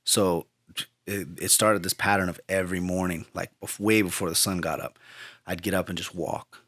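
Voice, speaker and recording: A man's voice: sits low, moderate pace, no room sound, studio quality. A man talking as an interview guest, telling a personal story in an earnest, reflective way. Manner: earnest, reflective, drifts into lively retelling. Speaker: guest musician. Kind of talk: storytelling conversation.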